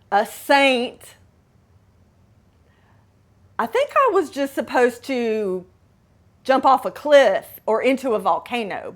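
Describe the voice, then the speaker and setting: Female host, middle-aged, high unhurried voice, confessional storytelling with asides. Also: a bit bright. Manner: candid, dramatic retelling with asides. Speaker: podcast host. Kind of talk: personal storytelling monologue.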